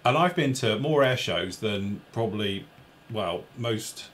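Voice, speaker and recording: A man's voice: on the low side, lively intonation, a little slow. An English man co-hosting a live chat show, rambling and poking fun at himself. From England. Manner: rambling, self-mocking, reads viewer comments aloud. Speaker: show co-host.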